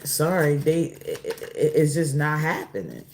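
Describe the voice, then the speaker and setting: Slow, low-voiced woman reading oracle cards. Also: expressive, darkish tone, slight background noise. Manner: slow, drawling, rambling with many apologies. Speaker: tarot reader. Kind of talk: casual oracle card reading.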